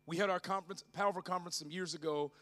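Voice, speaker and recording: A middle-aged man preaches at a church conference, and his voice sits a bit high for a man. He tells his story with drama, dropping to a near hush and then rising into loud, fervent preaching. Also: steady tone, racing. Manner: dramatic, swings from hushed narration to loud preaching. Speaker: pastor. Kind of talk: storytelling sermon.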